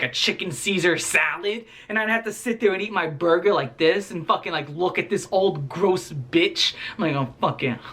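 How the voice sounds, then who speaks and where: Young man, 20s, storytime vlogger, animated, slangy, cursing, bright tense voice. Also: high voice. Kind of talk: casual storytelling.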